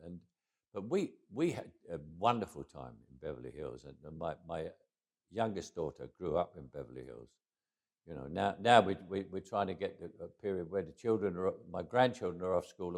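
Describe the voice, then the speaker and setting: A man's voice: low voice, fairly quick, darkish tone. A man, telling anecdotes in an interview. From England. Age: 80s. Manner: anecdotal, with frequent restarts and chuckles. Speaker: guest. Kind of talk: storytelling interview.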